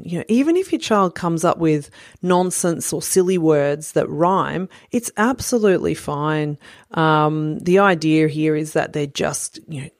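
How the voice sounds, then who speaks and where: A woman in her thirties with a low voice explains learning skills to parents. She talks patiently and conversationally, with casual fillers. The sound is dry and close, with no room echo. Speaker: parent educator. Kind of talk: instructional talk to parents.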